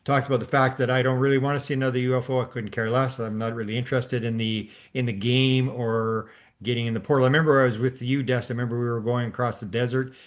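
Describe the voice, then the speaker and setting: This older podcast host speaks quickly in a flat, medium-pitched voice, chatting through a casual story. He rambles, restarting often and leaning on fillers.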